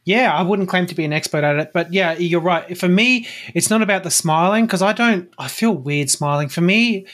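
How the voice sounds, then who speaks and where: A man's voice: high voice, moderate pace, fairly bright tone. A man hosting a podcast, talking reflectively in a casual way with lots of "like". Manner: reflective, many fillers like "like". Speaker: podcast host.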